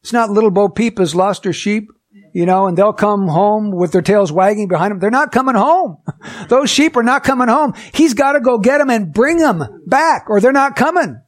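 A man preaching a sermon, earnest and emphatic, asking the listeners rhetorical questions and slowing down to stress key words. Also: high voice, lively intonation. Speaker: pastor.

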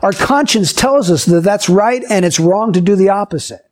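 Male Bible teacher, high voice, talks to kids and acts out little scenes as examples. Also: moderate pace. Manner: asks the listeners questions and acts out short scenes. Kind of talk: Bible lesson for children.

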